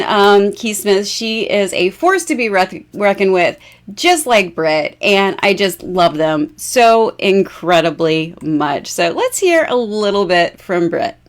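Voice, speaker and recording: A woman's voice: mid-range voice, lively intonation, takes it slowly, a bit bright. A bubbly, chatty woman in her forties, hosting a casual jewelry live stream and laughing often.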